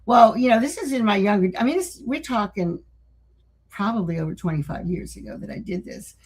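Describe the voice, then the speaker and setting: A middle-aged woman talks casually as co-host, spinning a story. She's animated, laughs often, and slips into voices when she quotes herself. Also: mid-range voice, fairly quick, slight background noise, low-quality recording. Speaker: podcast co-host.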